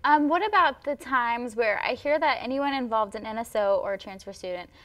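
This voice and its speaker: A woman's voice: a little high, animated, a little fast, a bit bright. A young woman hosting a student talk show, chatty and playful as she interviews and introduces guests.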